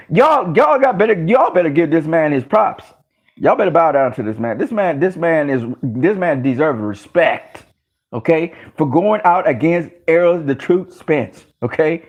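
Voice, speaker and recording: A man hosting a live stream, reading chat and commenting casually, excitable and profane, often exclaiming and repeating himself. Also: on the high side, muffled recording.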